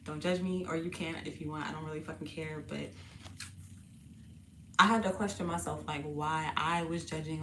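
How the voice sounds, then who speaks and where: A woman hosting a casual tarot reading video, chatty and slangy, laughing often and sounding a bit parched and husky. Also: fairly low pitch, fairly bright tone, slight background noise. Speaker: tarot reader and channel host. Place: indoors, sitting on the floor.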